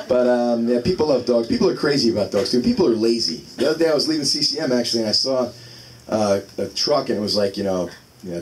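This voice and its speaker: A man's voice: mid-range voice, lively intonation, quick pace, a crowd in the background. A man in his thirties doing a casual stand-up comedy set, telling self-deprecating stories about his kids. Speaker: stand-up comic. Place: small live comedy venue. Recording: distant mic in a noisy room.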